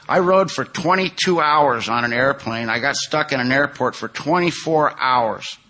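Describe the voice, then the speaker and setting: Bright-voiced older man, candid storyteller. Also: mid-range voice. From California. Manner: candid, self-mocking storytelling that swings from hushed to loud. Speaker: recovery speaker. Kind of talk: personal testimony at a twelve-step conference.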